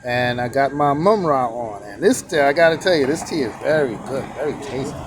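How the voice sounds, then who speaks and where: A man's voice: mid-range voice, expressive, brisk, background noise. A man running a sidewalk tea stand, casually teaching characters in a rambling vlog and counting strokes aloud. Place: outdoor sidewalk stand by a street.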